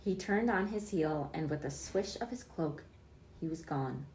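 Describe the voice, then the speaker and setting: A woman reading a children's book aloud, expressive, with small slips she corrects. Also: sits low, a little slow, reverberant, slight background noise. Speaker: storyteller.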